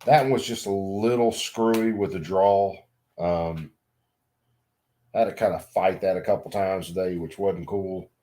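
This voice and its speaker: A man's voice: deep voice, steady tone, measured pace, mellow. A middle-aged man telling a story in a casual vlog, rambling, swearing freely and laughing at himself. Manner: rambling, profane, self-mocking, laughs a lot. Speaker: vlogger.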